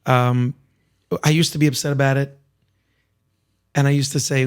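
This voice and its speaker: A man with a slightly raspy, edgy voice that sits a bit high for a man. He speaks as a singer guest on a podcast, candid and reflective. His sentences often loop back and restart. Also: normal speed, pauses often. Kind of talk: casual interview conversation.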